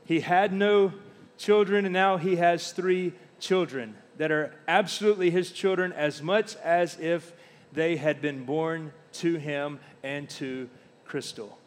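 A middle-aged man preaching a sermon, telling stories and slowing down to stress key words. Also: on the high side, steady tone. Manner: storytelling preacher, slows down for emphasis. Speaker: pastor. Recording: long hall reverb.

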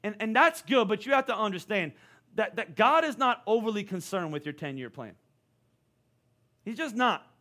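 A man in his forties preaching a sermon, energetic and repeating words as he stresses his points. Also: sits high, normal speed, pauses often. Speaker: pastor.

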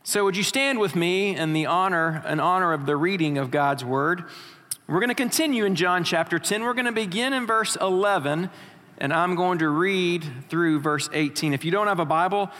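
A man's voice: fairly high pitch, normal speed, pushed and bright. A man preaching a sermon as pastor, reading scripture and asking rhetorical questions of his congregation in a church. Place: church sanctuary. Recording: long hall reverb.

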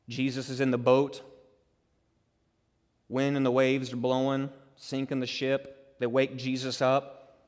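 Emphatic preacher in a reverberant hall. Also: male voice, medium pitch. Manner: emphatic, builds to loud peaks, acts out quotes conversationally. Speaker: pastor. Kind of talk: sermon. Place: church sanctuary.

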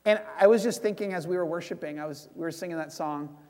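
Male preacher with a high voice, casual, chatty sermon delivery, long hall reverb. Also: quick pace, darkish tone. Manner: conversational, leads prayer, acts out dialogue.

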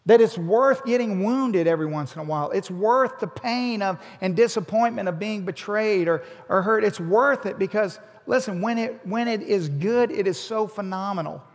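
A man's voice: high voice, moderate pace, hardly any pauses. A man preaching a sermon as a pastor, earnest and repeating his words as he builds each point. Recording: long hall reverb.

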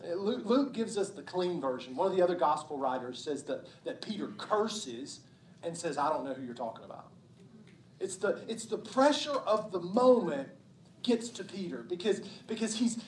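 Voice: mid-range voice, a little mellow. A pastor preaching a sermon in a church, conversational and emphatic, often checking in with the listeners. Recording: roomy hall sound from a distance.

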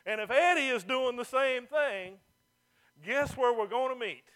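A man's voice: extremely high pitch, unhurried, fairly bright tone. A male pastor, preaching a folksy, fervent sermon to a church.

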